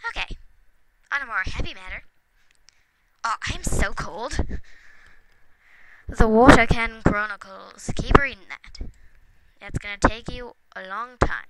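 Her voice is on the high side, and she takes her time, pausing often. At home, the let's play gamer casually narrates her game, talking to its characters and laughing frequently, over noticeable background noise and clicks.

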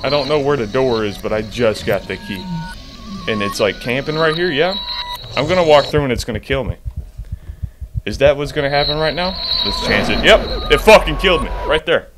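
A man's voice: mid-range voice, animated, moderate pace, music in the background. A man giving jumpy, profane commentary to himself while playing a horror game. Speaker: gamer.

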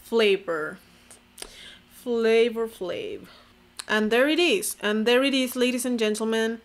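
Sarcastic young woman with vocal fry. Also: fairly high pitch, normal speed. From Mexico. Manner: sarcastic, self-mocking, heavy use of "like". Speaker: vlogger. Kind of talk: casual commentary to camera.

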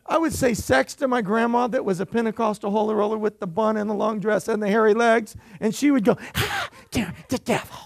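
A man preaching a sermon in church, his voice pitched high with a gravelly edge. He mixes playful jokes into emphatic preaching and keeps calling out for amens. The sound is close and dry. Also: fairly even intonation, a little fast, hardly any pauses, dry recording. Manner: emphatic, jokey preaching with call-and-response. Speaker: pastor.

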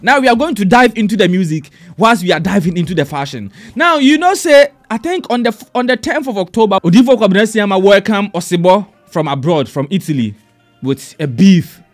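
A man hosting, chatty and excitable in casual commentary. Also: sits high, fairly quick, faint music behind. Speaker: show host.

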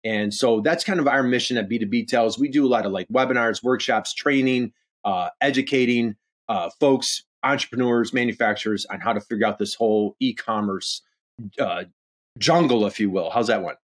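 A man talking as a guest on a business podcast, eager and rambling, with plenty of fillers. His pitch sits in an ordinary middle range for a man. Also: moderate pace. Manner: enthusiastic, rambling, heavy use of "you know" and "uh". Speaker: podcast guest, e-commerce consultant. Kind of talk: conversational interview.

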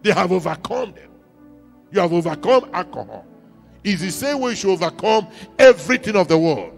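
A man's voice: high-pitched, sing-song, a little fast, gravelly, faint music behind. A man with a Nigerian accent preaching a sermon in church, emphatic, repeating key lines and calling for the congregation to answer. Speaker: pastor.

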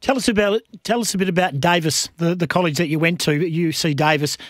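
An Australian man hosting breakfast radio in an upbeat, joking manner. His voice sits quite high for a man, and the studio sound is dry and close. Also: brisk, no echo.

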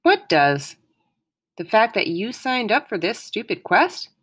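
A woman voicing a blunt, joking boy, asking wry, offhand questions in a slow storybook reading. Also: medium pitch, sing-song, a bit bright, slightly rough, pitched above the performer's own voice, full character voice.

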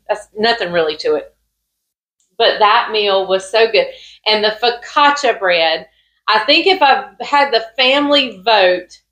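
A woman's voice: mid-range voice, a bit bright, poor audio. A woman with a Southern US accent chatting casually to camera from her couch about a family meal. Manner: chatty, homey, fond of food. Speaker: farm vlogger, pastor's wife. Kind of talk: casual vlog talk to camera. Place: home living room couch.

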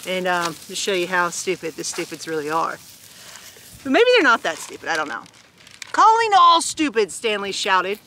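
A woman's voice: fairly low pitch, expressive, a little fast, bright, forceful tone, a little hiss or hum. A woman reading a picture book aloud outdoors on a farm, chatting in giggly asides between the pages. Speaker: storytime reader on a farm. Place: outdoors on a farm by a hay bale with animals.

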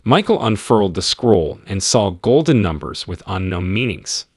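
A man's voice: lowish voice, sing-song, moderate pace, husky, no room sound, studio quality. A man reading a spiritual story as scripted narration, earnest and solemn.

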